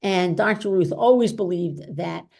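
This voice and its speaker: A woman's voice: lowish voice, a little slow, creaky, darkish tone. A woman physician giving an informal talk and taking questions, chatty and full of "okay?" and "you know". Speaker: physician presenter.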